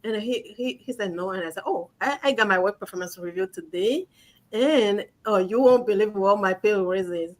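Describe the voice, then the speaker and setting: A woman's voice: mid-range voice, moderate pace. Earnest woman telling her story. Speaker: guest. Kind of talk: casual chat.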